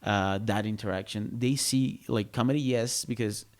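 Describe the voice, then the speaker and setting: A man's voice: lowish voice, fairly even intonation, normal speed. A man, a comedian guest on a podcast, talking casually and searching for his words with many restarts. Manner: laughs easily between points.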